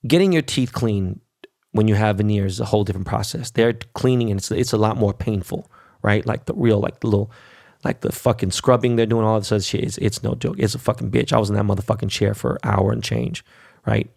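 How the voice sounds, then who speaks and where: A man's voice: on the low side, fairly even intonation, a little fast, vocal fry, a little mellow, dry recording, clean studio sound. A man hosting a podcast in a brash, casual monologue, swearing constantly and tagging "right?" onto his sentences. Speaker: podcast host. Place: New York.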